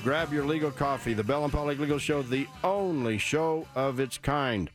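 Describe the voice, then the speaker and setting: A man's voice: medium pitch, normal speed, music in the background. A man hosting a radio call-in show, talking in an emphatic, urgent way and repeating his points.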